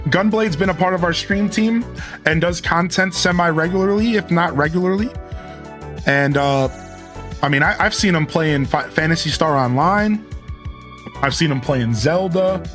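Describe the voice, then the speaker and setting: A man's voice: on the high side, moderate pace, fairly bright tone, soft background music. A man hosting a live game stream, chatting casually and thanking viewers as he goes.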